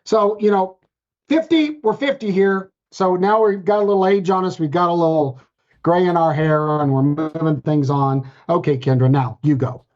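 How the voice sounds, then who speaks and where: A man's voice: fairly high pitch, a little mellow. Brief: playful male podcast co-host, casual banter, dull lo-fi sound. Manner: playful, joking, quick restarts. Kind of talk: casual chat.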